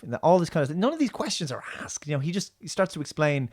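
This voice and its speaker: A man's voice: a little high, sing-song, fast, hardly any pauses. A man hosting his own show, rambling through a critical TV episode review with many restarts and fillers. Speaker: show host.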